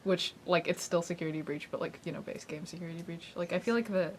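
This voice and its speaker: A woman's voice: lowish voice, fast talker, a little hiss or hum. A woman co-hosting a casual podcast, talking in a chatty, hedging way and laughing easily. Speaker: podcast co-host. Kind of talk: casual chat.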